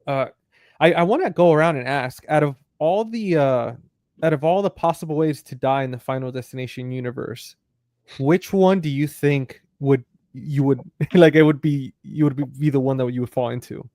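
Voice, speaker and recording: A podcast host in casual chat, asking questions haltingly with many fillers. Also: male voice, mid-range voice, darkish tone, dry recording, clean studio sound.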